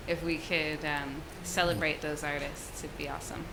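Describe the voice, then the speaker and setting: Woman, low-pitched, rambling casual talker, noisy recording. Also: little pitch movement, normal speed. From Canada. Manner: rambling, searching for words with many fillers. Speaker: meeting participant. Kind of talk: casual group discussion.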